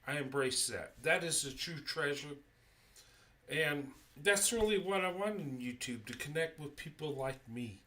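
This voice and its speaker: A middle-aged man hosting his own live stream, speaking earnestly with halting restarts and frequent checks of "okay?". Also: on the high side, animated, bright, forceful tone, distant mic. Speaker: YouTube channel host. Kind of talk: livestream monologue.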